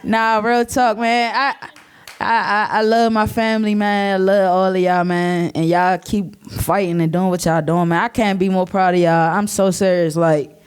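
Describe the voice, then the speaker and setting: A man's voice: high voice, little pitch movement, normal speed, clean tone. A man speaking casually to a live audience from a stage, loose, slangy and heartfelt. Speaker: panelist and community youth worker.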